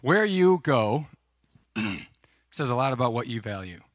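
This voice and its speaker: With a sing-song, unhurried delivery and a medium pitch, a pastor gives a relaxed, conversational sermon, teaching from scripture and questioning his audience. No room sound, clean studio recording.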